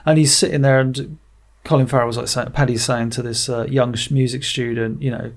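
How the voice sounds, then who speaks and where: A man co-hosting a podcast, chatting casually about a film and retelling its scenes in an animated, rambling way full of restarts and fillers. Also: medium pitch, moderate pace, gravelly. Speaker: podcast co-host. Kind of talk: casual film review chat.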